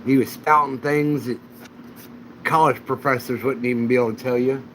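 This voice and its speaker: A man of average pitch hosting a relaxed livestream, wandering from one story to the next. He talks in an easygoing, anecdotal way, and a faint hum sits behind him. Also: normal speed, poor audio. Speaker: channel host. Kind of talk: casual livestream chat.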